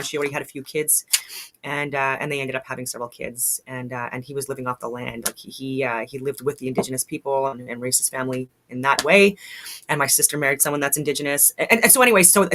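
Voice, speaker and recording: A woman's voice: a bass voice, a bit bright. A woman vlogger at home giving blunt, fired-up commentary, swearing and rambling with restarts. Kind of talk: casual commentary to camera. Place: at home in a log house.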